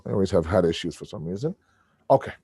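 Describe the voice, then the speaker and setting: A man with a booming voice giving an animated religious family lecture over a video call, often restarting his words. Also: fast talker, breathy edge, no room sound, clean studio sound.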